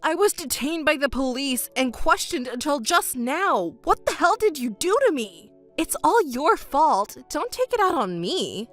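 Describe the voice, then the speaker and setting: A woman's voice: sits high, very animated, unhurried, hardly any pauses, fairly bright tone, faint music behind, heavily acted. A woman reading the part of a cheating husband in a texting story, pleading and defensive, stammering when cornered. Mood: angry. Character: cheating, embezzling husband, adult man.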